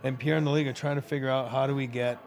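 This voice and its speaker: Man, casual guest, mid pitch, rambling chat delivery. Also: fairly even intonation, very fast. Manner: conversational, rambling with restarts. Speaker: former hockey player, guest.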